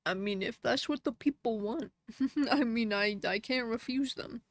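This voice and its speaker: A woman's voice: on the high side, unhurried, dry recording. A woman live streamer chatting casually with her viewers, reading their comments and laughing often.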